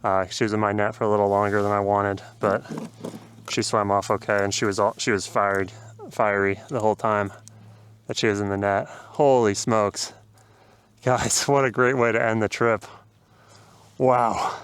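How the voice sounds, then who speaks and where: A man vlogging his fishing day outdoors on a river, talking casually to viewers with excited exclamations and laughter. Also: on the low side, normal speed, smooth.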